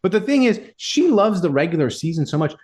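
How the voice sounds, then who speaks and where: Male sports podcast host, lively pitch, chatty and rambling. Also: a little fast. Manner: rambling, filler-heavy, animated storytelling. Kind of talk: casual sports chat.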